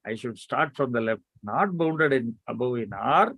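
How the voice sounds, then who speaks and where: Male math teacher, online lecture, coaxing and brisk, dry close-miked sound. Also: medium pitch, expressive, creaky, fairly bright tone, slightly rough, no echo. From India. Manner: coaxing students to answer quickly.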